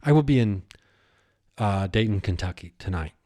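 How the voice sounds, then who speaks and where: Rambling excitable comedian host. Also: male voice, lowish voice, normal speed. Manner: rambling, excitable, restarts and riffs. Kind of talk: casual solo podcast monologue.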